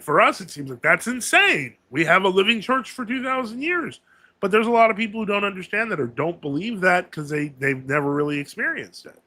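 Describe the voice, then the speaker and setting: Bright-voiced man hosting a casual live stream. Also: fairly high pitch, no room sound. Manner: rambling, with many fillers and self-corrections.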